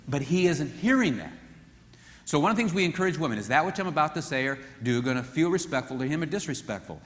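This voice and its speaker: An animated man teaches a marriage seminar in a fairly high voice and acts out what spouses say. His voice carries a long reverb from a large hall. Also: fast.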